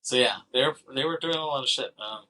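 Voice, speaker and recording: A man's voice: mid-range voice, brisk, bright, forceful tone, rough recording. A man co-hosting a film podcast, casually retelling scenes with lots of fillers, laughter and quoted lines. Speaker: podcast co-host.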